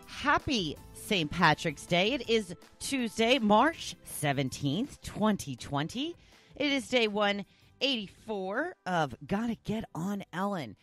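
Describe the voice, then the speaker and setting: A woman's voice: mid-range voice, big pitch swings, measured pace, fairly bright tone, no echo, soft background music. A woman hosting a daily talk podcast, chatting casually and poking fun at herself. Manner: chatty, self-deprecating, rambling with restarts. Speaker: talk show host.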